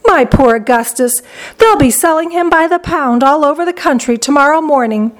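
A woman's voice: high-pitched, moderate pace, pitched above the performer's own voice, lightly acted. A woman reading a storybook aloud and voicing a frantic, shrieking mother who screams in panic. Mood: indignant.

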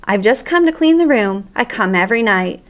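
A woman's voice: on the high side, animated, brisk, lightly acted. A woman voicing a friendly, joking middle-aged male janitor in a storybook reading.

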